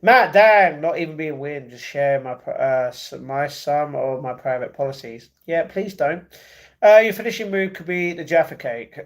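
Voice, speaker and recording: On a casual livestream, a UK host reads out comments from viewers and responds, frequently in an apologetic way. He uses wireless earbuds as his microphone, and his voice is fairly high-pitched at a normal speed.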